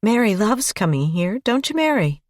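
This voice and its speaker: A woman's voice: medium pitch, very animated, normal speed, darkish tone, no echo, clean studio sound, voice pushed up, close to an everyday voice. Woman reading a coaxing young mother.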